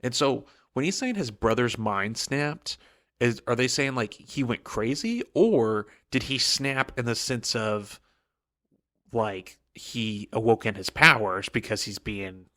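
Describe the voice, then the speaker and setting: A man's voice: mid-range voice, lively intonation, unhurried, sharp tone. A man co-hosting a book podcast, retelling the chapter in casual chat and briefly acting out the characters' lines. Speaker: podcast co-host.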